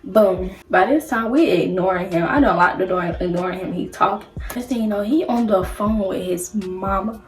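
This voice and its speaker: A woman vlogger telling a personal story in a casual, slangy, profane and animated way. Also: medium pitch, moderate pace. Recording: roomy, distant mic, faint music.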